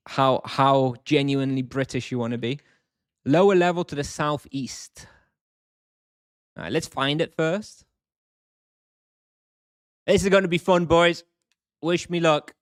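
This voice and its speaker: Man game streamer, mid pitch, dry close mic, chatty running commentary while he plays. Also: no echo. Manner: thinks aloud, chatty, answers chat. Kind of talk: casual live-stream commentary.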